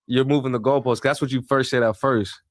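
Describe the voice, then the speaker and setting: A man's voice: medium pitch, steady tone, brisk, dry recording, clean studio sound. A man, a guest on a podcast, pressing his point insistently and cutting in again and again to hold the floor. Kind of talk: casual podcast debate.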